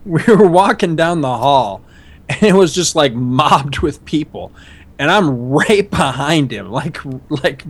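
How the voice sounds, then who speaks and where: A man's voice: fairly high pitch, big pitch swings, slow pace. A middle-aged man retelling his own school pranks as a podcast co-host, laughing and mischievous. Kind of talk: casual storytelling chat.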